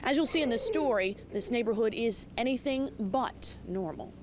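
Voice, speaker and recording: Woman field reporter, live outdoors, traffic noise behind, clear scripted delivery. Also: a little high, animated, moderate pace. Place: outdoors in a neighborhood street. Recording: noisy outdoor location.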